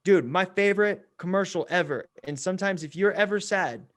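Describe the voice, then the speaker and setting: A man's voice: high-pitched, a little fast, fairly bright tone. A man co-hosting a podcast in casual chat, eager and slangy, calling his friends "bro". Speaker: podcast co-host.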